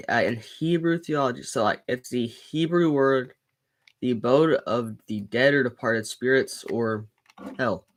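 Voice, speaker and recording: A man with a mid-range voice hosts a casual Bible-reading video. He reads aloud in a halting way, often stumbling and restarting his words. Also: medium pitch. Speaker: channel host reading the Bible.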